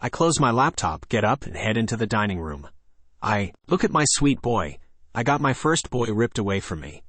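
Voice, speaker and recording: A man reading a first-person horror story in a plain, even narration. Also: on the low side, moderate pace, no echo.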